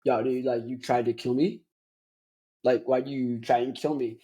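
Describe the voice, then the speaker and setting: A man voicing a bored male hitman who talks in a flat, indifferent deadpan. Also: mid-range voice, moderate pace, voice pushed down, close to an everyday voice. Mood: casual.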